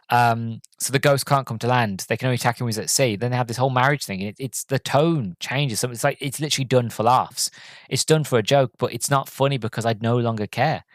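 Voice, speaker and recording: A man of middling pitch talks through a casual film review on his podcast. He rambles and hesitates, circling back with fillers and restarts, and he sounds deflated and let down. His voice is recorded close and dry, with no room sound. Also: no echo.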